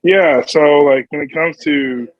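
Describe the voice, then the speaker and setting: Brief: male podcast guest, mid-pitched, jokey, on a dry, slightly dull line. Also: measured pace, no echo. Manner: jokey, laughs easily. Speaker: podcast guest, competitive powerlifter. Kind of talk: casual chat.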